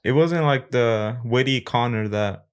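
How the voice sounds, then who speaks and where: A man chatting on a casual podcast in an easygoing, agreeable way. He tells stories in a relaxed tone and often chimes in with short agreements. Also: mid-range voice, measured pace, smooth. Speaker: podcast co-host. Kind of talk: casual chat.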